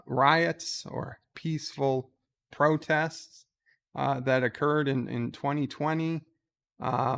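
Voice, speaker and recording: A man giving slow, halting casual commentary, reading out posts and answering them with many ums and uhs. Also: medium pitch, creaky, clean tone. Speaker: YouTuber reading and answering tweets.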